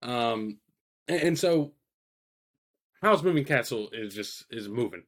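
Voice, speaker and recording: A man's voice: medium pitch, lively intonation, takes it slowly. A man co-hosting a podcast, chatting casually about films in a rambling, profane way, full of fillers and quoted asides. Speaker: podcast co-host. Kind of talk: casual chat reviewing films.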